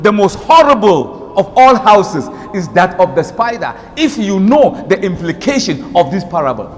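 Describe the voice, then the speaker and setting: A man giving a religious lecture as a preacher, animated and repeating words for emphasis. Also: high-pitched, normal speed. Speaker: Islamic preacher. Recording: long hall reverb.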